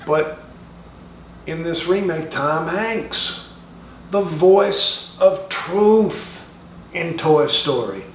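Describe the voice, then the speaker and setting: Heavily acted and creaky, this slightly high male voice moves very slowly and expressively with long pauses, playing a brash middle-aged comedian at a school assembly. In the comedic monologue he drawls, curses and mock-seriously taunts the kids. It's captured by a distant mic in an echoing room, faint noise underneath.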